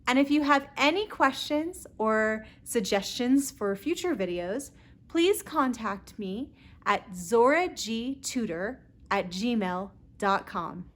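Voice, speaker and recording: A woman with a Southern Californian accent teaching pronunciation, repeating each word slowly and clearly. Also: a little high, lively intonation. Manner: clear, deliberate word repetition. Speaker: pronunciation tutor. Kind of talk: slow pronunciation lesson.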